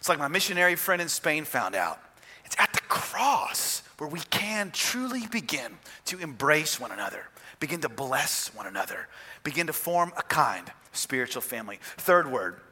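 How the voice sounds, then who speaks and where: A male pastor preaching a sermon, animated, with emphatic rises and soft drops. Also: a little high, moderate pace, big-room sound.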